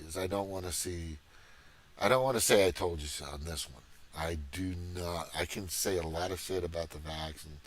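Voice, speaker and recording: A low-voiced middle-aged man ranting on his livestream, swearing freely and circling back over his points. His talk wanders and restarts, heated and agitated throughout. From Missouri, USA. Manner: profane, rambling, agitated. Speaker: livestream host. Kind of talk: casual political rant.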